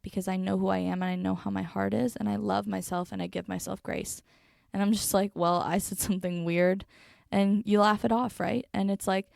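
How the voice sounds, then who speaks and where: A woman's voice: medium pitch, gravelly, darkish tone, no echo. A young woman hosting her own podcast, thinking aloud in an earnest, reflective way with lots of fillers and restarts, sitting close to a microphone. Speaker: podcast host. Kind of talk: reflective solo podcast talk. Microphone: studio microphone, close.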